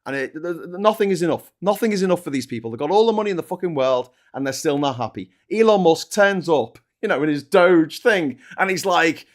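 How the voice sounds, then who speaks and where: A man's voice: fairly high pitch, animated, fairly quick, few pauses. A man co-hosting a live political podcast, ranting passionately and swearing freely. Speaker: co-host.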